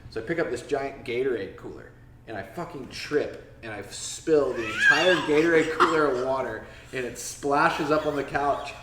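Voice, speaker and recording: A man's voice: medium pitch, normal speed. A man in his forties from Florida, a podcast guest telling stories casually, swearing freely and acting out quotes in a raised voice. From Florida, USA. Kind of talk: casual storytelling interview. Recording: echoey room, mic a bit far, faint background noise.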